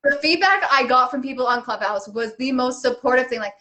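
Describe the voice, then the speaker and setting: Animated, higher-voiced woman actor chatting. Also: fairly quick. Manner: animated storytelling, laughing at herself. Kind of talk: casual chat. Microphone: webcam on a live stream.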